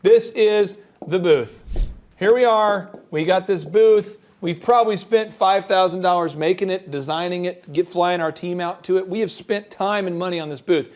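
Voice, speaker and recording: Male co-host, high voice, lively comic advice with put-on bits. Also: normal speed. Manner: animated, acts out mock voices and scenarios. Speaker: co-host of a business podcast. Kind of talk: comedic business advice chat.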